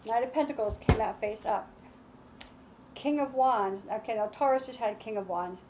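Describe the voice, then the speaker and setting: A woman's voice: a little high, a little slow, a little mellow, a little hiss or hum. A woman giving a casual, enthusiastic tarot and astrology reading, repeating her affirmations. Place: home with lawnmowers outside.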